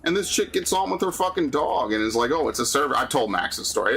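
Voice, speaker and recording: A man's voice: medium pitch, expressive, quick pace, vocal fry, fairly bright tone, slight background noise. A man streaming a game, ranting profanely about city life in casual chat.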